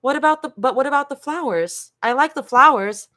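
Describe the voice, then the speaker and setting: Lady doing a prickly young woman, defensive, pitched up and sharp, bright tone. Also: a little fast, no echo, clean studio sound. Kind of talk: reading fan fiction aloud.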